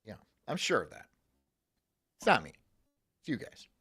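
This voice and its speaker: A man's voice: medium pitch, huge pitch swings, moderate pace, background noise. A man streaming live, chatting casually with his viewers in a rambling, profane, self-mocking way.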